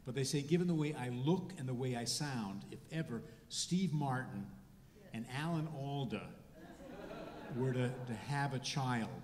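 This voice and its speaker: A man in his seventies delivers stand-up with a dry, deadpan touch and a mid-range voice. He is recorded live in a hall, so his voice rings with a long, roomy echo and faint noise underneath. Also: mid-range voice, measured pace. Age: 70s. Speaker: stand-up comedian and rabbi. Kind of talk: stand-up comedy set. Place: hall before a live audience.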